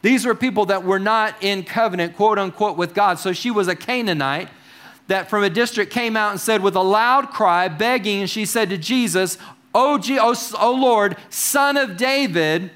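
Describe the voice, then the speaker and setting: Male preacher, high voice, casual sermon with wry asides and questions to the congregation. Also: normal speed, a bit bright, clean tone. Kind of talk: conversational sermon.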